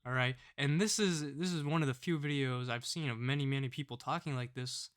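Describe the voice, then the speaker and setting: A man delivering a political commentary vlog with a smooth, resonant voice. He rants with open scorn and keeps driving his points home with a pushy "all right?". The pitch sits at an ordinary middle male level. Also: a little fast, a bit bright.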